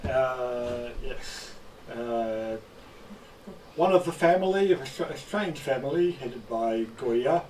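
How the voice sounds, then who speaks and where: A man's voice: medium pitch, lively intonation, slow, darkish tone. Earnest man explaining game lore. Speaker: player. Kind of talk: casual chat at a game table. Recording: distant mic with faint noise.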